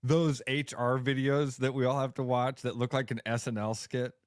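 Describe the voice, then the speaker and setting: A man's voice: medium pitch, level tone, normal speed, no echo, clean studio sound. A man co-hosting a radio show, chatting casually, telling stories with lots of laughter. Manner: laughs often, tells stories animatedly. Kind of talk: casual sports radio banter.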